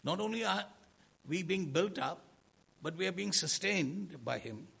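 A man's voice: high-pitched, expressive, unhurried, gravelly, a bit bright, husky. A man preaching a sermon in an earnest way, asking rhetorical questions and swelling into emphasis.

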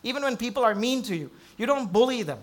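A middle-aged male pastor preaching a sermon, dropping to hushed, low storytelling and then rising into loud emphasis. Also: lively intonation, quick pace.

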